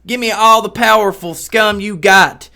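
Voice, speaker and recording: A man putting on a loud, taunting brawler. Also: high voice, steady tone, a little slow, pitched above the performer's own voice, heavily acted. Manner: aggressive, profane taunts. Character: hot-headed taunting man spoiling for a fight.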